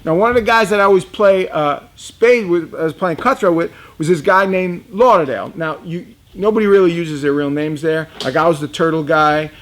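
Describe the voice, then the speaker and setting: A man with a slightly high speaking voice tells a long personal story in a loose, rambling way. He talks casually, restarts his sentences and chuckles at his own tale. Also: normal speed, few pauses. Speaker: reptile dealer telling a story.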